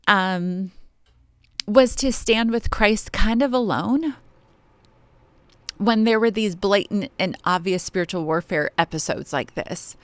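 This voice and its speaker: A married woman telling a personal faith testimony in an earnest, reflective way, with pauses and fillers. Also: medium pitch, no echo, studio quality. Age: adult, married. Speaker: Christian speaker sharing a testimony.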